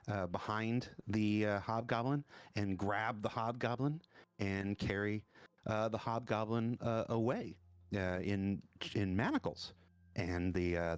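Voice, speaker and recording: Casting: laid-back male game master, low voice, dry close mic. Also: smooth, no room sound. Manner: halting, many fillers and restarts. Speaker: dungeon master. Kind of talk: narrating a tabletop game.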